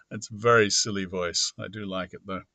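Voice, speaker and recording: A man's voice: deep voice, pushed and bright, no room sound. A man narrating audiobooks who talks casually and mutters to himself while he edits his recordings.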